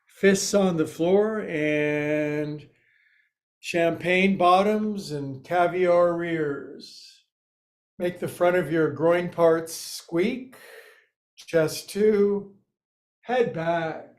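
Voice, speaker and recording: A man guiding a yoga class, giving slow cues with playful, quirky asides. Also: high-pitched, a little mellow. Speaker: yoga teacher.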